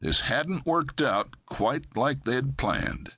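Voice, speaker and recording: A man narrating a crime thriller audiobook in a steady, measured way. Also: medium pitch, husky, dry recording, clean studio sound.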